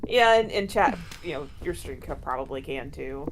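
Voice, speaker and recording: A woman's voice: low-pitched, lively intonation, normal speed, slight background noise. Tipsy woman in loose casual chat. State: a little tipsy.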